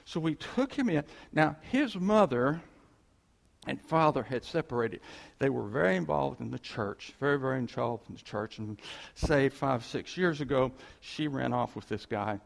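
Man with gravelly voice in echoey hall. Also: medium pitch, lively intonation. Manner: rambling, halting storytelling with chuckles. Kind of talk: informal testimony to a congregation. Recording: long hall reverb.

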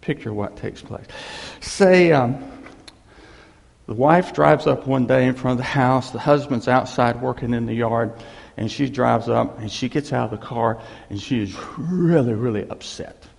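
A man preaching a sermon, telling a story in an animated way and repeating key phrases. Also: mid-range voice, a little slow, vocal fry, big-room sound.

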